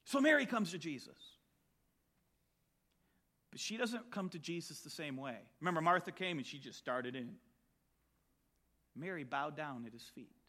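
A man delivers a sermon in a high, bright voice. His pitch leaps and dips as he tells the Bible story with lively energy. He acts out the voices of the people in the story as he goes. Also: normal speed, long pauses. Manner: animated storytelling, acting out voices of biblical characters. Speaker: preacher.

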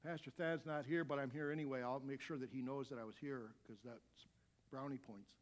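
A middle-aged man preaching a sermon as a pastor, animated, dropping to quiet asides and rising to loud shouts. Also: mid-range voice, fairly quick.

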